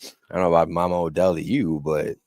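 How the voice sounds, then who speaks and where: A man's voice: deep voice, little pitch movement, fairly quick, a little mellow, dry recording. A man co-hosting a casual wrestling podcast, rambling with lots of fillers and acting out little quotes. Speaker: podcast co-host.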